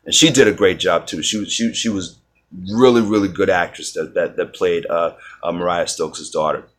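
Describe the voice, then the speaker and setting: A man's voice: deep voice, steady tone, normal speed, a bit bright. A man giving a casual spoken review, rambling with many fillers and restarts. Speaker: video reviewer.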